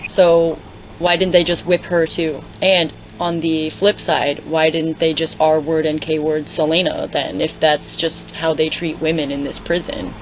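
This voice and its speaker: A woman's voice: low voice, a little hiss or hum. A woman giving casual, sarcastic, exasperated commentary as she reads along, rambling into asides. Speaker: booktuber reading along. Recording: slightly dull lo-fi audio.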